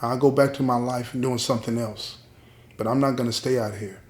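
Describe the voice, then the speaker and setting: A man's voice: mid-range voice, fairly even intonation, brisk, close to an everyday voice. A man voicing a young woman prison guard who is lovesick and begging her man for forgiveness. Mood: insistent. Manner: pleading, urgent. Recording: roomy echo.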